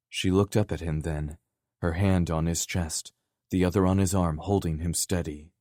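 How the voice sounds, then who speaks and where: A man reading romance narration in a calm, even way. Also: low voice, moderate pace, no room sound, studio quality. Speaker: audiobook narrator.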